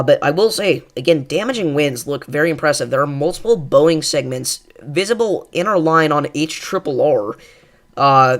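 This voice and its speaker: A man hosting live severe weather coverage, calmly reassuring viewers and thinking aloud with fillers as he reads radar. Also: fairly high pitch. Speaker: weather livestream host.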